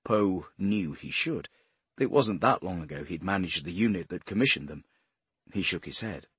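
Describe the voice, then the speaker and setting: A male narrator reads a crime novel with a husky voice and a lively, wide-ranging pitch. The reading is measured and expressive, recorded close and dry. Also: dry recording. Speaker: audiobook narrator.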